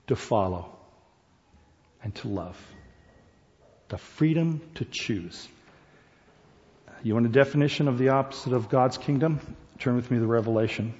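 A man's voice: mid-range voice, darkish tone. Man preaching in a reverberant church hall. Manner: conversational preaching with rhetorical questions. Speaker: pastor. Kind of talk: sermon. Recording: dull recording with long hall reverb.

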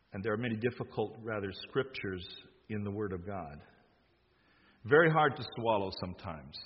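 Husky male preacher, emphatic sermon delivery, dull lo-fi recording. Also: lowish voice. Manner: emphatic, acts out quoted lines with rising force. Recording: dull sound with long hall reverb.

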